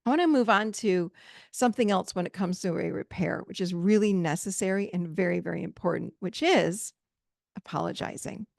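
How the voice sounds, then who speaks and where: Emphatic woman coach with a gravelly edge. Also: on the low side, brisk, darkish tone, no echo, clean studio sound. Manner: emphatic, direct, conversational, addresses listeners as "you guys". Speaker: podcast host and relationship coach. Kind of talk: solo podcast advice talk.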